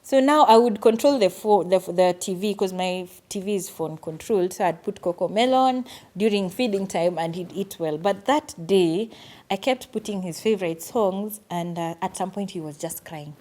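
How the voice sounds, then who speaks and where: A young woman telling a personal story on her vlog in an earnest, animated way. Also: medium pitch, normal speed. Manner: earnest, animated retelling with quoted asides. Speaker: vlogger.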